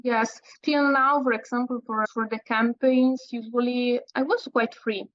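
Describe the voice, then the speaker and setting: An Italian woman answering interview questions in English as a second language, pausing often and restarting her phrases. Her pitch barely moves, keeping an even, level line. The recording is dry, with no room sound. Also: no room sound, dull audio. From Italy. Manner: halting non-native English with frequent fillers and self-corrections. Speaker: guest landscape photographer. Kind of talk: casual interview.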